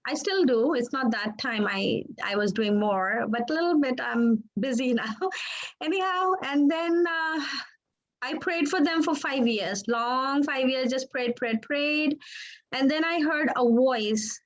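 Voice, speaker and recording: A woman recounts a personal testimony in a high voice. She speaks earnestly, stopping and restarting her words. The audio sounds dull and muffled. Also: unhurried. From Pakistan. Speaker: interview guest, author.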